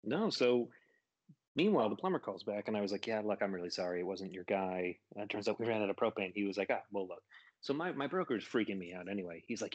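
Casting: man, lowish voice, dry close sound, rambling conversational storyteller. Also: animated, quick pace, no echo. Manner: rambling, laughs while telling a story. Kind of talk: casual storytelling chat.

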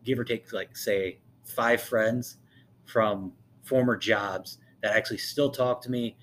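A man's voice: on the low side, steady tone, takes it slowly, a bit bright, a little hiss or hum. A young man co-hosting a podcast in casual chat, rambling with lots of fillers and swearing. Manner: rambling, profane, many fillers. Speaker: podcast co-host.

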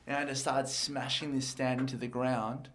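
A man's voice: medium pitch, flat delivery, moderate pace, fairly bright tone, slight background noise. A young man, talking candidly and rambling in a casual chat. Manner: candid, rambling, repeats words.

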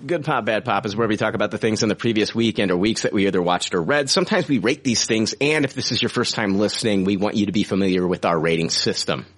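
A man in his forties hosts a casual podcast chat in a lowish voice. He rambles with lots of fillers and swears freely. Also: quick pace, hardly any pauses, fairly bright tone. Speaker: podcast host.

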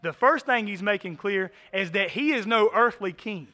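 A man preaching a sermon as pastor, animated, swinging from loud emphasis to hushed asides. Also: high-pitched, normal speed.

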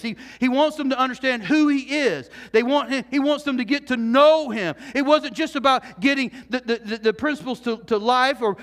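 A man preaching from the pulpit in a strikingly high voice, earnest and animated. He keeps asking his congregation questions and restarts phrases as he presses his point. His words ring out with a long reverberation in a large church hall. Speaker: pastor. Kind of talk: sermon.

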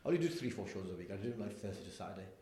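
A male stand-up comedian talks fast and casually, slipping into the voices of the people in his anecdotes. His voice sits a little low. The recording has a noticeable room echo. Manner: animated storyteller, acts out people in anecdotes. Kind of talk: casual interview chat.

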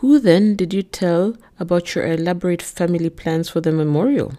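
A woman voicing a controlling, jealous man who speaks flat and cold, then bursts into shouts. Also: on the low side, normal speed, lightly acted. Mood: wounded.

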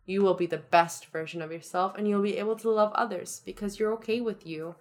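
A woman's voice: medium pitch, steady tone, a little fast, darkish tone. A young woman co-hosting a podcast, talking in an upbeat, chatty, motivational way. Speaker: podcast co-host. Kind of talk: casual chat.

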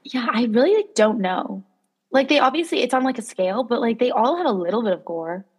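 Husky-voiced young woman co-host. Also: a little high, animated. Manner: quick, filler-heavy talk with lots of "like". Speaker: podcast co-host. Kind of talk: casual chat.

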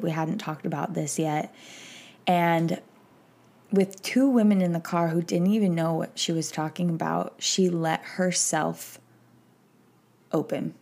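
A woman hosts a podcast in a personal, reflective way, speaking slowly and growing teary and emotional at times. Her voice sits on the low side, a little mellow, with vocal fry.

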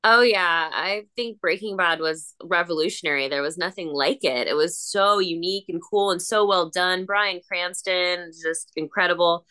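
Woman, actress guest on a podcast, bright voice, smooth, upbeat, gushing. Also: fairly low pitch, normal speed, few pauses. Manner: upbeat, gushing, acts out voices in her stories. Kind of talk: casual interview chat.

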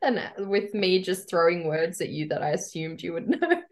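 A woman's voice: on the low side, very animated, normal speed. A woman with an Australian accent chatting casually as a podcast co-host, teasing and laughing often. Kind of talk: casual chat.

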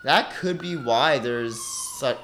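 A man's voice: mid-range voice, takes it slowly, fairly bright tone, a little hiss or hum. A man co-hosting a podcast, chatting casually through a movie review and swearing now and then. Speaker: podcast co-host.

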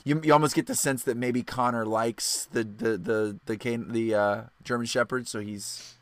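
Podcast dude, hedges everything, teasing a bit, dry dead sound. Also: male voice, mid-range voice, steady tone, moderate pace, no echo. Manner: hedging, teasing. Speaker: podcast co-host. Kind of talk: casual chat about a movie.

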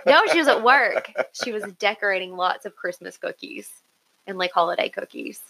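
A woman co-hosts a podcast in loose, casual chat. She talks in an excitable, chatty way and giggles often. Her voice is bright and forceful. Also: mid-range voice, moderate pace, creaky, poor audio. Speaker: podcast co-host.

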